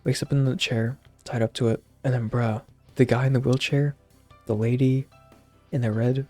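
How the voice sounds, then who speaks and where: A man's voice: medium pitch, fairly even intonation, normal speed, warm tone, dry recording, soft background music. Rambling slangy young man. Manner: rambling, slangy, full of fillers. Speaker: channel host. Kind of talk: casual movie recap.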